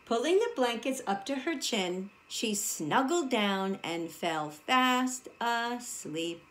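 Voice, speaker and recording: A woman preschool teacher reading a storybook aloud to young children, animated and asking the children questions as she goes. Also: fairly high pitch, slow. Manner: animated, addresses the children directly.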